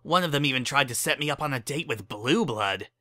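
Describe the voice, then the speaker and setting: A man's voice: mid-range voice, lively intonation, fairly quick, pushed and bright, no echo, studio quality. A man voicing an earnest young female pony musician of noble family, in a dramatic story reading.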